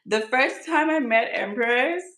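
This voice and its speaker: A woman's voice: high voice, animated, measured pace, fairly bright tone, echoey room, low-quality recording. A woman hosting a casual skincare channel chat, teasing her friend and laughing often.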